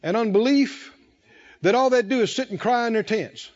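A man preaching a sermon, drawing the congregation in with questions and emphatic, drawn-out phrases. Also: very high voice, muffled recording. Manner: call-and-response preaching, rising and falling emphasis, drawn-out phrases.

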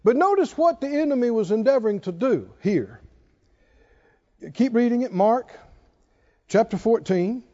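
Very high-voiced man preaching, lively. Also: unhurried, pauses often, highs cut off. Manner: emphatic, with repeated rhetorical questions. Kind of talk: sermon.

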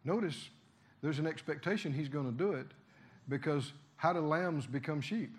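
A man preaching a sermon in a church, telling a story and then rising to loud exhorting with frequent hallelujahs. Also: a little high, moderate pace.

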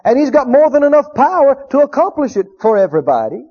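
A man's voice: very high voice, very animated, quick pace, breathy edge. A man preaching a sermon, emphatic, repeating key phrases and drawing out quoted scripture. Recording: dull lo-fi recording.

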